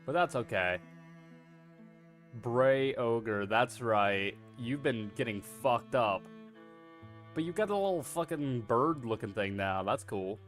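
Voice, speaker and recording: A man's voice: medium pitch, lively intonation, takes it slowly, fairly bright tone, faint music behind. A man streaming a video game, chatting casually in a rambling, self-deprecating way and swearing freely. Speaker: VTuber streamer.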